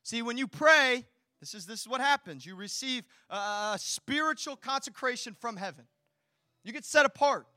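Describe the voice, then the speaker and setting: A man preaching a sermon as pastor, swinging between hushed, intimate lines and loud, rousing ones, with chatty asides and rhetorical questions. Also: extremely high pitch, expressive, normal speed, no echo, studio quality.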